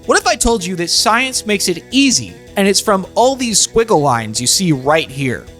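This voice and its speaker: Wry man explaining over soft music. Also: sits high, sing-song, normal speed. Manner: ironic, dry internet humor. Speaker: online video host.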